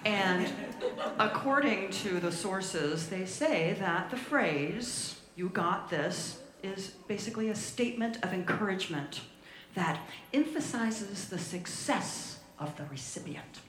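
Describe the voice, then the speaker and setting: A woman's voice: mid-range voice, lively intonation, takes it slowly, a bit bright. A woman co-leading a church talk, humorous and bantering with her partner. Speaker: co-minister. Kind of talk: sermon talk. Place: church sanctuary. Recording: roomy hall sound.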